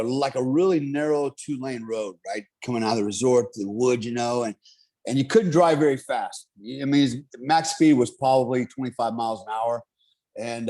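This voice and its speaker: A middle-aged man telling a story in casual, profane talk, animated and laughing often. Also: mid-range voice.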